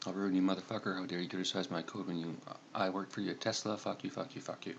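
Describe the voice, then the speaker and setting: A man's voice: low voice, steady tone, fast, creaky, lo-fi sound, slight background noise. A man voicing a seething male hacker who swears and rants at a screen. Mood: furious ranting. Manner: swearing, ranting.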